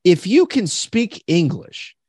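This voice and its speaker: A man's voice: high-pitched, very animated, slow pace, a little mellow, breathy edge, no room sound, clean studio sound. A man hosting a podcast in casual chat, telling stories animatedly and acting out other people's lines. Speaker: podcast host.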